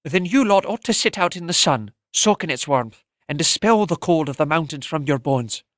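A male narrator voicing a motherly older woman who runs a house, giving gentle orders. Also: on the high side, animated, moderate pace, dry recording, studio quality, pitched above the performer's own voice. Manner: warm but bossy instructions. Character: kindly older woman innkeeper, motherly and commanding.

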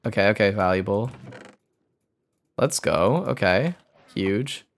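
Guy streaming a game, super animated pitch, keeps repeating himself and cursing under his breath. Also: takes it slowly. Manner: excitable, talks to himself, repeats words, swears. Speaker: gaming streamer. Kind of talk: live gameplay commentary.

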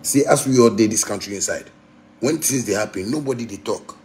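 A man's voice: lowish voice, fairly quick, a little mellow, slight background noise. A man with a Ghanaian Pidgin English accent, ranting bluntly and defiantly to fans on a phone livestream. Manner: blunt, defiant, repetitive, swears freely. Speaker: musician talking to fans live. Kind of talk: livestream rant.

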